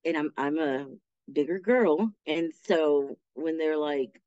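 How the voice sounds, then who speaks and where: A woman guest telling her story in an interview, animated and acting out the voices of people she quotes. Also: low voice, measured pace, no echo, dull audio. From Texas.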